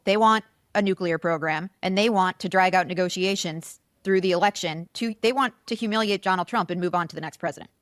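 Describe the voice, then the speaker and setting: A woman's voice: on the low side, brisk, few pauses, no room sound, studio quality. A woman speaking as a commentator on a political panel, matter-of-fact with a wry edge. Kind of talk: TV panel discussion.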